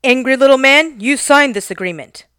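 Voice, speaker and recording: A stern courtroom judge, played by a woman, who lays out formal, measured rulings. The pitch sits fairly high with a lively range. The sound is dry and close. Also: smooth, no echo.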